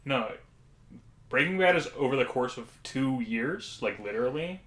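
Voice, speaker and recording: A man chatting on a casual podcast, telling stories with plenty of swearing and acting out what other people said. His voice sits at an ordinary pitch, and the room around him rings with a noticeable echo. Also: moderate pace. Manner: swearing, animated storyteller who acts out quotes. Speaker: podcast co-host. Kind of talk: casual chat.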